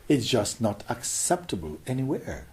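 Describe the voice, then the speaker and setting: Soft-spoken mellow man musing aloud. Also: mid-range voice, sing-song, normal speed, vocal fry, slightly rough. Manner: gentle, questioning, often dropping to a whisper. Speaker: spiritual teacher. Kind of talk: contemplative spiritual talk.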